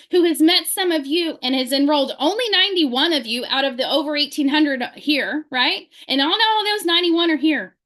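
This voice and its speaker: A woman leading her sales team on a video call, giving a fervent motivational talk full of rapid rhetorical questions. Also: high voice, fairly bright tone.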